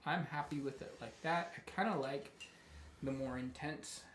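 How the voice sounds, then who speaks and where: With a medium-pitched voice at a moderate pace, the instructor talks through a live painting lesson, warm and encouraging, frequently breaking off to start sentences over. Slight background noise and an echoey, spacious room color the sound.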